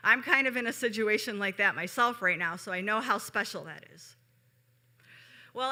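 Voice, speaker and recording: A woman's voice: on the high side, pushed and bright. A woman from Chicago telling a personal story on stage in a chatty way, with frequent asides to the audience. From Chicago, USA. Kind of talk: live storytelling.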